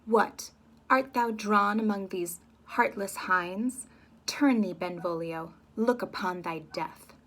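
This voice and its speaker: A woman voicing a hostile young male fighter who taunts slowly and menacingly. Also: mid-range voice, fairly bright tone. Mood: taunting.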